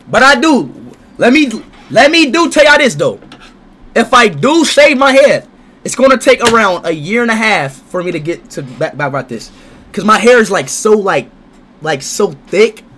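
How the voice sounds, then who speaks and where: A young man streaming live, loud and excitable, swearing freely in casual chat. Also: high-pitched, normal speed.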